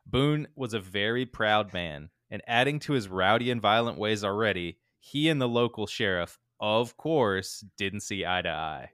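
A lower-pitched man telling a story casually, leaning on fillers and building to the exciting bits. The sound is dry and close, with no room around it. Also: normal speed, hardly any pauses, clean tone, no echo. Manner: laid-back, animated retelling with fillers. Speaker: podcast co-host telling the story.

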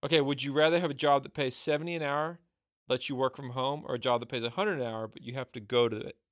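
A man's voice: mid-range voice, steady tone, fast, no room sound, clean studio sound. A man co-hosting a podcast, chatting casually, teasing and asking lots of questions. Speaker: podcast co-host. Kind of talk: casual chat.

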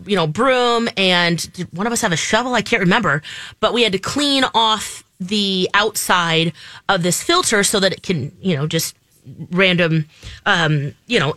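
A woman with a bright voice tells a story in a loose, rambling way. She laughs easily as she talks, and the recording is dry and close. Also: medium pitch, dry recording. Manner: chatty, rambling, laughs often. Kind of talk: casual storytelling.

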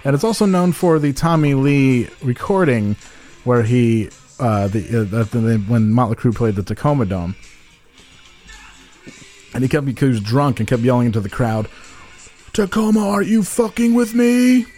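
A man's voice: medium pitch, normal speed, darkish tone, faint music behind. A man co-hosting a comedy podcast, reading personal ads aloud with profanity and mock drama. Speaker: podcast co-host.

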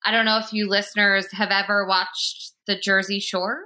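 A woman's voice: medium pitch, flat delivery, normal speed, sharp tone. A young woman hosting a podcast, chatting casually with lots of "like" and laughter. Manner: chatty, heavy use of "like", frequent laughter. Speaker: podcast host.

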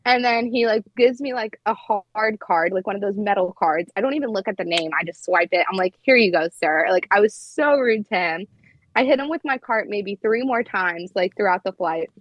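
A young woman in her twenties, a flight attendant, tells stories in relaxed podcast conversation, leaning heavily on "like." She sounds animated at medium pitch and moderate speed, in a lo-fi recording without room sound.

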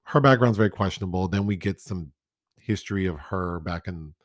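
A man's voice: deep voice, a little fast, no room sound, studio quality. A man co-hosting a casual chat about films, talking frankly and with opinions. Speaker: podcast co-host.

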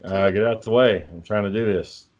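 A man's voice: on the low side, moderate pace, a little mellow, lo-fi sound. A man telling dry, profane anecdotes in casual podcast chat. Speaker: co-host.

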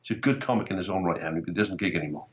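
Fast-talking Welsh man, low voice. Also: muffled recording. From Wales. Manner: animated storytelling, swearing, acting out quotes. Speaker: guest comedian. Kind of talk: casual chat.

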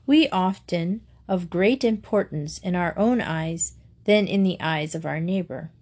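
A woman calmly reading fables aloud, clear and steady as a storyteller. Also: on the low side, measured pace. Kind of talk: scripted storybook narration.

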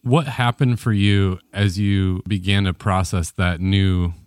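A man's voice: low-pitched, fairly even intonation, measured pace, darkish tone, clean tone, no echo, studio quality. A man hosting an interview, asking his guest questions in an attentive, encouraging way. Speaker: host.

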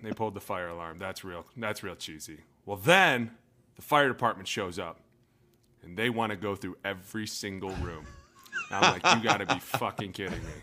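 A man with a bright, forceful voice tells stories on a casual sports podcast. He is animated and swings louder whenever he acts out what someone said. He is talking from a home setup. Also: sits low, normal speed. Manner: animated storyteller, swings loud when acting out quotes. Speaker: podcast co-host, former NFL lineman. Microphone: home setup in front of drums.

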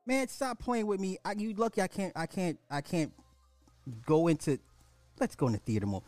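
A man's voice: sing-song, normal speed, a little mellow, no room sound. Podcast guy reacting to a clip, voice jumps all over, dry close mic, faint music. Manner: incredulous, swinging wildly in pitch, mocking. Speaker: podcast host. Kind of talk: social commentary reacting to a clip.

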